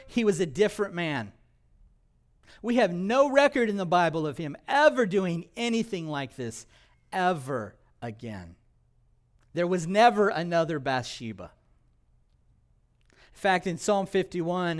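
A male pastor preaching a sermon, asking rhetorical questions and reading scripture, moving between loud emphatic passages and quiet, low stretches. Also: very animated, moderate pace.

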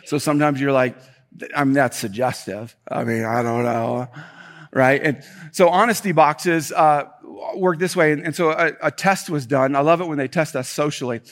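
A man preaching a sermon in a fairly high voice. He builds to emphatic, repeated points, then eases into chatty, self-deprecating asides with the congregation. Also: moderate pace. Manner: animated preaching with emphatic repetition and rising intensity. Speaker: pastor.

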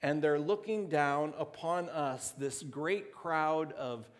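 A man preaching a sermon to his congregation as pastor, talking in a conversational, halting way with restarts. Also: a little high. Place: church sanctuary. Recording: long hall reverb.

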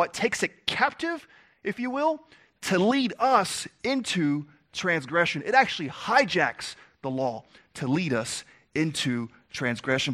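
A man preaching an expository sermon, filling pauses with "uh" and checking in with "okay?", pressing points with emphatic rises and drops. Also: a little high, fairly bright tone. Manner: frequent "uh" fillers, checks in with "okay?".

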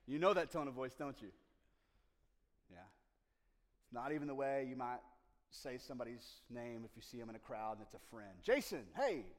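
A man delivers a sermon from the pulpit, his mid-range voice climbing to loud, passionate peaks and then dropping to near-whispers. A long reverb from the church space trails behind every phrase. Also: medium pitch, moderate pace, pauses often. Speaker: pastor. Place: church sanctuary. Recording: long reverb of a large room.

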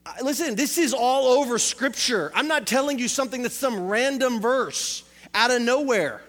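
A man's voice: very high-pitched, normal speed, fairly bright tone, long reverb tail. A male pastor preaching a sermon in a church, asking rhetorical questions and repeating phrases for emphasis.

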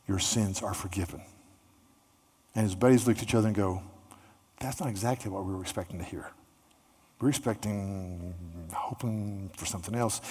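A man preaching a sermon, retelling a story earnestly and growing excited, with frequent restarts. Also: lowish voice, breathy edge, big-room sound. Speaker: pastor.

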